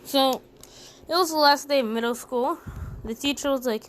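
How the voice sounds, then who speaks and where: Woman narrator, casual and rambling, slightly high voice. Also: normal speed. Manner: chatty, rambling asides. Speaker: fan storyteller. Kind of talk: casual fan-story narration.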